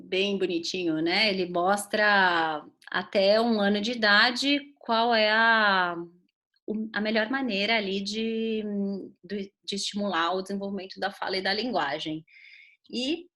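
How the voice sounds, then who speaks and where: A woman's voice: medium pitch, a bit bright. Conversational woman with a Brazilian accent. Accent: Brazilian Portuguese. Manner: loose and conversational, with frequent fillers. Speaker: pediatrician giving a lecture. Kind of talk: informal recorded lecture.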